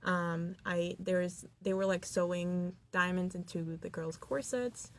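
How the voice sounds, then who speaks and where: A woman's voice: lowish voice, steady tone, unhurried. A young woman co-hosting a student radio podcast, chatting casually with lots of fillers and giggles. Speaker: podcast co-host.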